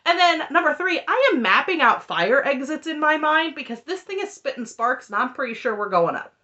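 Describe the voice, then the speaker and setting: Woman, TV recap vlogger, sarcastic, exasperated, lively pitch, muffled lo-fi sound. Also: a little fast. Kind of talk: casual TV recap commentary.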